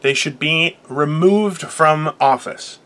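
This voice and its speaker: A man co-hosting a casual podcast over a video call, talking in profane, opinionated, animated rants. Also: fairly high pitch, slow pace. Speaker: podcast co-host. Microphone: remote video call.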